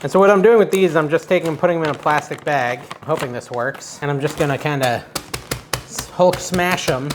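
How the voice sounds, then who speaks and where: A man's voice: fairly high pitch, a little fast, noisy background. Chatty, unsure man cooking on camera. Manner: chatty, unsure, self-deprecating. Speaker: cooking show host. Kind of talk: casual cooking vlog chat.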